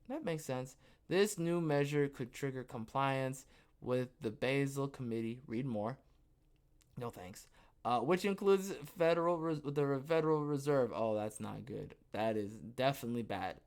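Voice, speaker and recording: Jokey, rambling male podcast host. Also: moderate pace. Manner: jokey and rambling, with frequent "okay?" asides and self-interruptions; animated, with sudden jumps in pitch and loudness. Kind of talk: casual solo commentary reading a news story aloud.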